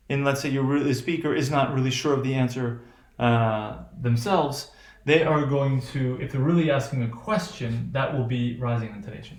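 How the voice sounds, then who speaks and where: A male teacher gives a lecture, stopping and restarting often and checking in with his students. His voice sits at an ordinary pitch and carries a roomy echo. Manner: halting, many fillers and "right?" checks.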